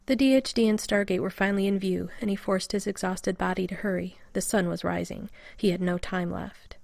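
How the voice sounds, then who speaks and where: A woman narrates a story in a steady, measured way. Her voice has a gravelly fry, and the sound is dry and close with no room echo. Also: medium pitch. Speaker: reader. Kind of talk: audiobook narration.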